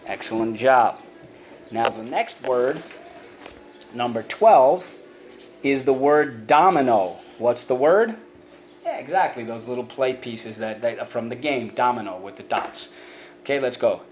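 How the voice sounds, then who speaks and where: A man teaching a spelling and vocabulary lesson for children, sounding out words slowly and prompting listeners to repeat them. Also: medium pitch, a little hiss or hum.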